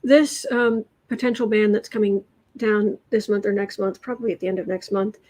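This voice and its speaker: A woman's voice: medium pitch, fairly even intonation, normal speed, darkish tone, low-quality recording. A woman reading political tarot cards on a livestream, talking in a rambling, hesitant way, with frequent ums and restarts, and addressing viewers directly. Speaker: tarot reader.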